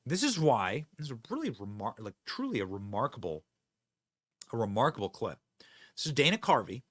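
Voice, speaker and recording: Energetic, emphatic man hosting commentary. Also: on the high side. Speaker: host. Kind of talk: political commentary.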